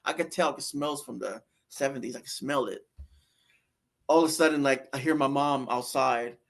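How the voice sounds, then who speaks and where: A man's voice: medium pitch, moderate pace, fairly bright tone. A man telling his near-death story in a casual, rambling way, with many fillers and restarts. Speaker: guest sharing a near-death experience.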